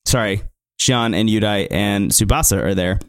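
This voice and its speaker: A man's voice: lowish voice, normal speed, clear, resonant tone. A man in his thirties chats through a show recap in a loose, joking way. He lifts his voice to act out quotes. The sound is dry and close, with no room echo. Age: 30s. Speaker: podcast co-host. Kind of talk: casual recap chat.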